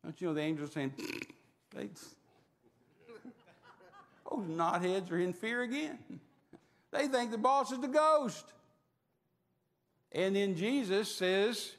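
A man preaching a sermon as an animated, folksy story. His voice is high for a man. It carries a long hall reverb. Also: moderate pace, creaky, long pauses.

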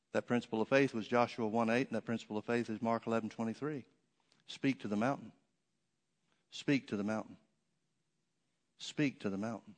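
A man's voice: medium pitch, long reverb tail. A man preaching a sermon, telling a story and repeating key phrases for emphasis.

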